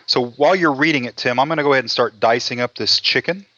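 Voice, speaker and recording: A man's voice: medium pitch, quick pace, sharp tone, dry recording. A man hosting a cooking show, joking in a folksy way and talking through each step. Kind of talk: casual cooking show chat. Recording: dull lo-fi dry sound.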